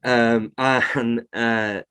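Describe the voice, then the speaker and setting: A man's voice: medium pitch, flat delivery, very slow, a bit bright, clear, resonant tone. Man, reptile shop owner, heated rant, casual podcast chat, swears freely.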